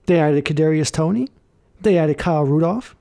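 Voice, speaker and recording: A man's voice: fairly high pitch, moderate pace, creaky, mellow. A young man co-hosting a podcast, chatting loosely and animatedly about football and saying "bro" often. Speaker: podcast co-host. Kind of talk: casual sports chat.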